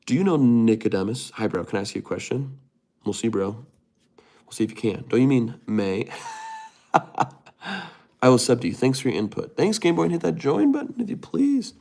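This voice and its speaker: A man's voice: mid-range voice, big pitch swings, fairly quick, creaky, mellow. A young man streaming live, casually reading viewer comments aloud and answering them. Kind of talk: casual livestream chat.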